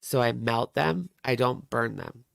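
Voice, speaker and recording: Very gravelly man chatting slowly. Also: medium pitch, fairly bright tone, dry recording. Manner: chatty, rambling, talks to viewers. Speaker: reaction livestream host. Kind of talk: casual livestream chat.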